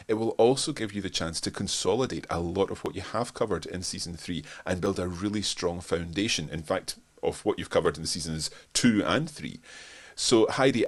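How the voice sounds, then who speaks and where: A man's voice: low voice, lively intonation, moderate pace. A man with a Scottish accent and a stuffed-up nose, answering viewer questions in a live webinar, hesitant with frequent restarts. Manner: hesitant, many restarts and fillers.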